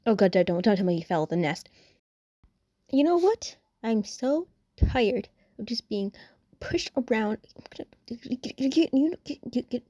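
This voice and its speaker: Woman doing a worn-out bird muttering to itself in a funny voice-over, grumbly and low. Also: animated, unhurried, mellow, no room sound, clean studio sound. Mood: weary. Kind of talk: comic voice-over of bird footage.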